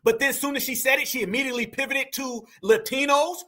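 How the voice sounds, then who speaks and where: A man with a very high, bright, sharp voice hosts a reaction commentary show. He talks straight to his viewers in animated slang, pausing a clip to argue back at it. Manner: animated, addresses audience directly with slang. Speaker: commentary host.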